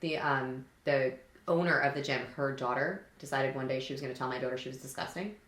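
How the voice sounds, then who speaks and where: A woman's voice: very deep voice, a little fast, echoey room. A middle-aged woman co-hosting a podcast, telling stories in casual chat and acting out the voices in quotes. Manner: animated storytelling, acts out voices in quotes. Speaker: podcast co-host.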